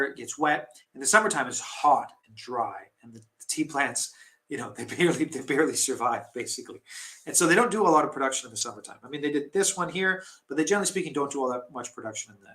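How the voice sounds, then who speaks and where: A man talks casually on a live stream, his voice sitting a little high for a man. He rambles and restarts, often poking fun at himself. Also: pushed and bright. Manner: rambling, chatty, self-deprecating with laughs and restarts. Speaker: tea seller hosting a live stream.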